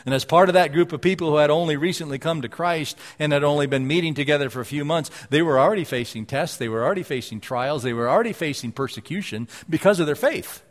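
A male preacher giving a sermon and reading scripture aloud, repeating key phrases with emphasis and dropping to a hush at times. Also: on the high side, fast talker, hardly any pauses. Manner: repetitive emphatic phrasing, swings between loud and hushed. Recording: long hall reverb.

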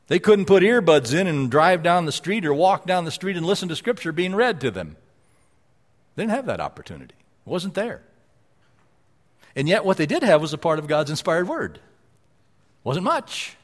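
A male preacher giving a sermon and reading scripture aloud, repeating key phrases with emphasis and dropping to a hush at times. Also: fairly high pitch. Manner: repetitive emphatic phrasing, swings between loud and hushed. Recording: long hall reverb.

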